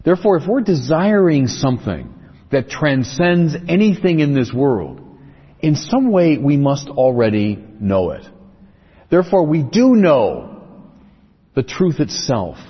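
A man's voice: mid-range voice, very animated, measured pace, husky. A man giving a lecture-style religious talk, explaining his points through lists and rhetorical questions. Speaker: speaker on religion. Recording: echoey, dull lo-fi recording.

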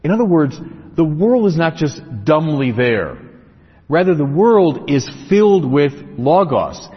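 A man's voice: on the high side, very animated, unhurried, breathy edge. A man giving a lecture-style religious talk, explaining his points through lists and rhetorical questions. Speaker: speaker on religion. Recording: echoey, dull lo-fi recording.

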